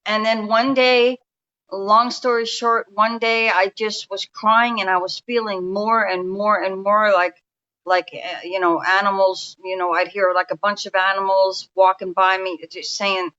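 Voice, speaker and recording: Her voice is bright and medium-pitched with fairly even intonation and an unhurried pace, heard through dull remote-call audio. She's a New York woman in her fifties, a guest energy healer, rambling confidingly with frequent restarts in a casual storytelling interview.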